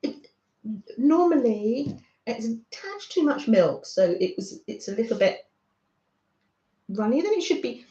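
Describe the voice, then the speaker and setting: A woman's voice: a little high, sing-song, measured pace, pauses often, warm tone, reverberant, muffled recording. A British woman hosting a casual craft livestream, chatting and reading out viewer comments with frequent laughs.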